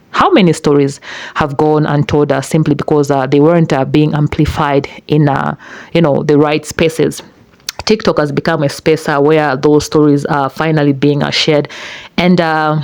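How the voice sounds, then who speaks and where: A man delivering commentary in a halting way, full of filler uhs. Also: on the high side, darkish tone, no room sound. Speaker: commentary creator. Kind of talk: scripted-sounding commentary.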